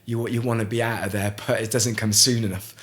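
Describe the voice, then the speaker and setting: A middle-aged man from Gloucester, telling a story as a podcast guest in a halting way, with frequent restarts. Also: on the low side, fairly even intonation, a bit bright. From Gloucester, England. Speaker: guest, ice swimmer. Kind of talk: casual storytelling in a podcast interview.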